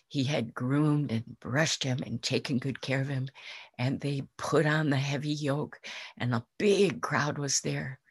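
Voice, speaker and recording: A woman Zen teacher telling a fable in a dharma talk, gentle and unhurried. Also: very deep voice, husky, no echo, studio quality.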